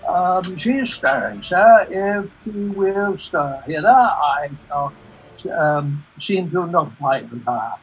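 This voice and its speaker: A man's voice: on the high side, expressive, slow, slightly rough, faint music behind, exaggerated voice. A man voicing a cheeky male clown in a put-on British accent, playful and punning, for an amateur play read over a video call. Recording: dull lo-fi video call audio.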